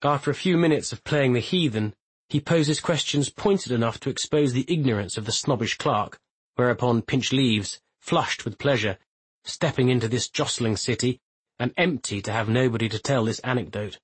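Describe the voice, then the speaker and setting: A man narrates a literary novel in a measured, even reading. His voice is husky and sits at a middle pitch. The sound is close and dry. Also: dry recording, low-quality recording. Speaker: audiobook narrator. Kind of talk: scripted narration.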